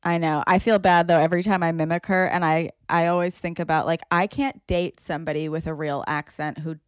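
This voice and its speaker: A woman's voice: fairly low pitch, fairly quick, clear, resonant tone, dry recording, studio quality. A young woman hosting a casual podcast chat, telling stories with laughs and mimicked voices. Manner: animated storyteller, frequent laughs and mimicry. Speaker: podcast host.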